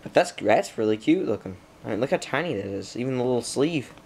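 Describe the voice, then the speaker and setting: A man's voice: medium pitch, expressive, quick pace, gravelly, a little mellow, a little hiss or hum. A young man narrating an unboxing at home, rambling and talking to himself and the computer, getting frustrated while it loads. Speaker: tech vlogger. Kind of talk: casual unboxing commentary.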